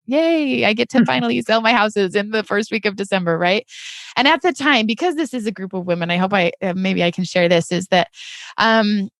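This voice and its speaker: A woman's voice: medium pitch, a bit bright, dry recording, studio quality. A woman telling a personal story as a podcast guest, in an earnest, heartfelt way, often tagging her sentences with "right?" and talking to listeners as "you guys". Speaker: podcast guest, real estate investor.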